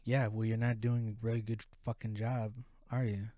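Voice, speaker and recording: A man's voice: fairly low pitch, flat delivery, moderate pace, dark tone, no room sound, clean studio sound, natural voice. A man voicing a furious, scornful woman who hurls profane insults at her partner.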